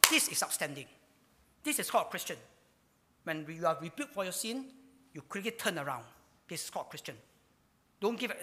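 Emphatic pastor in a reverberant hall. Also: male voice, sits high. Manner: emphatic preaching, with sudden swings between loud and hushed. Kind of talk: sermon.

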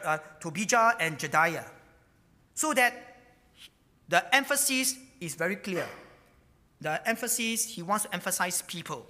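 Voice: medium pitch, sharp tone, big-room sound. A pastor preaching a sermon, emphatic and repetitive, stumbling over words with frequent fillers. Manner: emphatic, repeats key words.

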